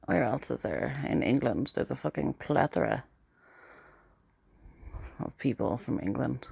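A woman's voice: rumbling low, lively intonation, unhurried, vocal fry, pauses often, a little mellow, breathy edge, no echo, studio quality. A young woman in a casual solo vlog, playful and giggly, trying out mock accents. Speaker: vlogger.

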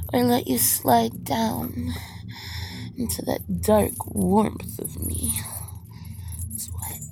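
A woman performing a whispered role-play as a dominant giantess, teasing and commanding, with a breathy whisper and low laughs. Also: noisy background.

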